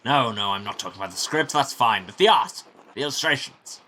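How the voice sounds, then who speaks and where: A man plays a pompous middle-aged baron in a game, haughty and demanding, his voice bright and raised, with a lively pitch. A faint hiss runs beneath it. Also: brisk.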